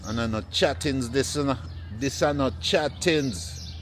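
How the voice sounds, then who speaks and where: A man, vlogging casually while walking through an open-air plant nursery with a handheld phone, relaxed and repeating "yeah, man" often. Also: mid-range voice, unhurried, slight background noise. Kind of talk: casual walking vlog to camera.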